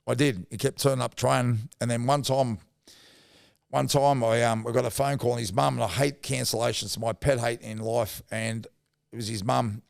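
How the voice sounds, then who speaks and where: A man's voice: mid-range voice, creaky, no echo, studio quality. A middle-aged Australian man, once a rugby league player, telling emotional stories in a rambling, heartfelt way as a podcast guest. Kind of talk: emotional storytelling in casual chat.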